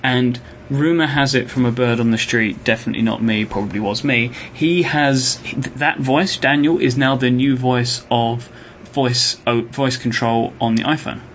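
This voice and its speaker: An eager British man riffing about software features with his co-host, tripping over restarts as his ideas spill ahead of his words. His voice sits in an ordinary middle pitch, with a faint hiss under the recording. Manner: enthusiastic, quick asides, trailing restarts. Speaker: podcast co-host. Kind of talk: casual tech chat.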